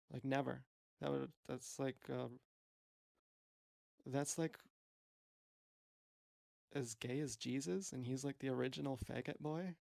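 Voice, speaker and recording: A man's voice: medium pitch, gravelly, a little mellow, dry recording, clean studio sound. A man rambling through a meandering, profane, self-questioning monologue as a streamer.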